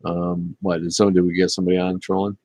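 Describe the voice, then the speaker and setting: A man's voice: low-pitched, fast talker, no room sound. A man in his fifties hosting a casual livestream, chatting loosely with lots of fillers. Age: 50s. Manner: relaxed, rambling, with many fillers. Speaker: livestream host reading chat.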